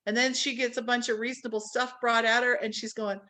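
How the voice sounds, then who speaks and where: Woman real estate trainer, fairly high voice, lively classroom delivery, acts out the calls she describes. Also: a little fast. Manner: animated, acts out quoted phone calls. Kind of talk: live training class talk. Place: classroom with a live audience.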